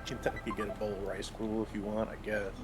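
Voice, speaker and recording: A man's voice: fairly low pitch, flat delivery, quick pace, music in the background. A man doing casual live race commentary, agreeable and explaining strategy.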